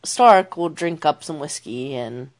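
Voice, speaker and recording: A woman's voice: sits low, lively intonation, unhurried. A woman co-hosting a podcast in casual chat, talking easily with lots of "um" fillers. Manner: chatty, many "um" fillers, laughs easily. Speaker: podcast co-host.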